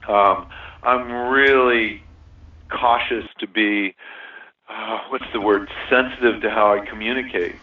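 A man talking in a casual interview, earnest and reflective, often laughing and restarting his sentences. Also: fairly low pitch. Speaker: guest sharing a relationship compatibility system. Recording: distant, tinny phone-line sound.

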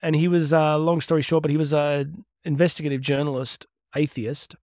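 A man's voice: on the high side, flat delivery, brisk, darkish tone, dry recording, studio quality. A middle-aged man hosting a podcast, talking in an earnest, chatty way with laughs and asides. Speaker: podcast host and Catholic speaker. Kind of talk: casual heartfelt podcast monologue.

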